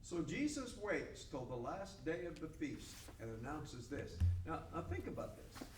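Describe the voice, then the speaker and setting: A man's voice: fairly high pitch, big pitch swings, unhurried. An older man teaching a Bible study to a group in a folksy, joking way. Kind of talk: conversational Bible lesson. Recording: roomy room mic from far off, faint noise.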